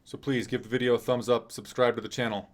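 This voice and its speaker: A man from Nebraska calls a live fight stream in a relaxed, chatty way. He keeps his tone wry and self-deprecating, with an everyday mid-range voice. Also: mid-range voice, fast. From Nebraska, USA. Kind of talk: casual live reaction commentary.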